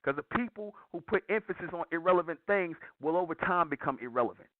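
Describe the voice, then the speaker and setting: A man with a fairly high voice talks fast and animatedly, the recording dry and coming through a tinny, phone-like line. Hosting a call-in show, he lectures his listeners in a preachy monologue, emphatic and repetitive.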